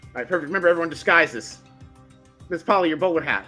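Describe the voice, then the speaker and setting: A tabletop game player in casual chat who talks in an animated, teasing way and often restarts sentences. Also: mid-range voice, fast, slightly rough, faint music behind.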